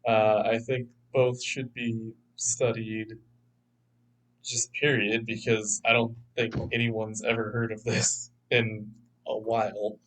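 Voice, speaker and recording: A man's voice: fairly low pitch, level tone, slow pace, fairly bright tone, poor audio. A man co-hosting a film podcast, chatting casually, rambling and laughing as he talks. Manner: rambling, laughs often, acts out quotes. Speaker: podcast co-host. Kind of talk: casual chat.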